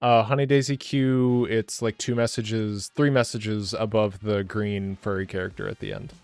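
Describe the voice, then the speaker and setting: A man hosting a charity stream, reading donations in an upbeat, quick, casual way. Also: on the low side, flat delivery, darkish tone, clear, resonant tone, faint music behind. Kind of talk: casual chat.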